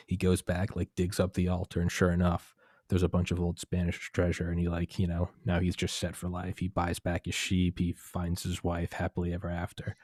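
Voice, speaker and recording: A man's voice: deep voice, warm tone, no room sound, clean studio sound. A young man telling a long story in casual chat, rambling and candid, full of fillers and profanity.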